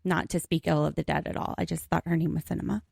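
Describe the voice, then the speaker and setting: A woman's voice: deep voice, flat delivery, fast talker, vocal fry, a little mellow, husky, no room sound, clean studio sound. A young woman from Pennsylvania co-hosting a podcast, chatty and giggly as she recaps an episode in casual chat. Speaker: podcast co-host.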